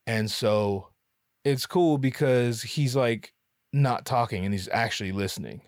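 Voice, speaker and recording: A man's voice: medium pitch, measured pace, no room sound, clean studio sound. A man, a musician and photographer, telling a comic story in a rambling, profane, self-mocking way. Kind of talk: comedic storytelling.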